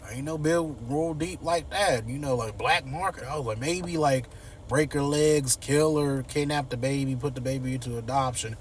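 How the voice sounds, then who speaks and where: A man's voice: mid-range voice, normal speed, distant mic, a little hiss or hum. A man casually recapping a TV episode in loose, slangy storytelling. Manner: loose slangy storytelling, acts out characters' lines. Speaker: TV episode reviewer.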